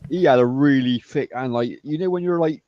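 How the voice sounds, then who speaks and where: Casual male stream co-host from England, chatty storyteller, mid pitch, dull lo-fi dry sound. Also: brisk, no echo. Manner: chatty, rambling storyteller, laughs often. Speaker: livestream co-host. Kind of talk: casual chat.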